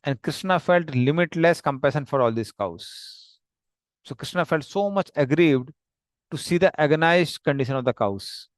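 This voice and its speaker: A man narrating a devotional story slowly and plainly, pointing to slides as he goes. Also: on the high side, lively intonation, no room sound, studio quality. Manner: slow, plain, explanatory with pauses.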